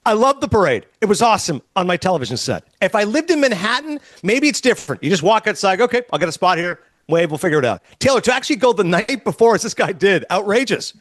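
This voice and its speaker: A man's voice: high-pitched, fast talker, few pauses, no echo. A man co-hosting a sports radio show in casual chat, telling stories and acting out conversations. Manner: animated storyteller acting out conversations.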